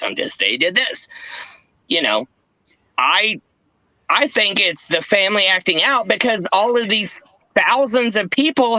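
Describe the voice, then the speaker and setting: A man's voice: sits high, bright, forceful tone, dry recording, rough recording. A man in a casual podcast chat, ranting with constant swearing and mocking impressions.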